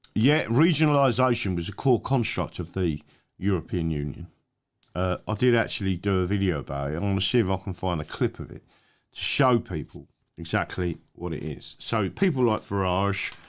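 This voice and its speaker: A man hosting his own channel, giving rambling, emphatic political commentary with many fillers and restarts. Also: low voice. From England. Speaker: channel host.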